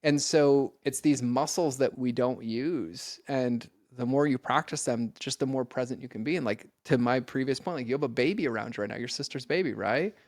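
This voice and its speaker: A man with a middling pitch talks earnestly as a podcast guest in a casual conversation, at normal speed with few pauses. He livens up when acting out exchanges, and the sound is dry and close with no room around it.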